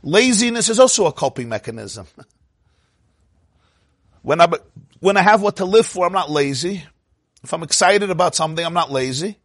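Man, rabbi giving a Torah class; higher voice, dry close sound, animated and questioning. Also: moderate pace, pauses often, dry recording. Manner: animated, asks the audience "huh?" and acts out quotes.

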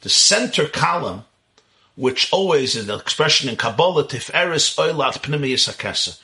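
Bright-voiced man teaching Kabbalah. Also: fairly high pitch, normal speed. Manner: animated, intense, with rhetorical questions and chuckles. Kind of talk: religious lecture.

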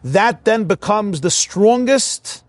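A man giving a spoken religious lesson, animated, often acting out inner voices in quotes. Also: high voice, takes it slowly, no room sound. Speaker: religious teacher.

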